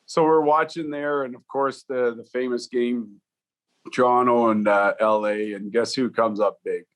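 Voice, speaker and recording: A man in his fifties, a former hockey player and coach, telling stories in an interview with a relaxed, rambling delivery and many fillers. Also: medium pitch, a little slow. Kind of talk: storytelling in a podcast interview.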